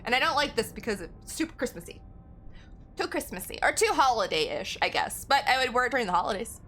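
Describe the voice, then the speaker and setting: A woman's voice: on the high side, animated, fast talker, pushed and bright, a little hiss or hum. A woman game streamer in casual live-stream chat, rambling and giggling as she talks to her viewers.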